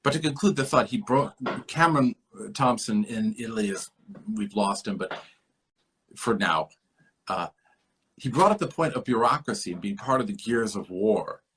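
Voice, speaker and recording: A man's voice: fairly low pitch, expressive, normal speed, fairly bright tone, husky. A man hosting a podcast, musing at length in a rambling, lecturing way about a book, repeating himself as he thinks aloud over a remote call. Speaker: podcast host. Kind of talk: rambling literary discussion.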